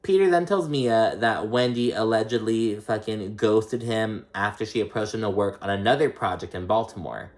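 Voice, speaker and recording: Speaking at a normal speed with few pauses, a man whose voice runs low gives a rambling recap of a reality show. He swears and uses plenty of filler words, and he sometimes puts on voices for the people he quotes.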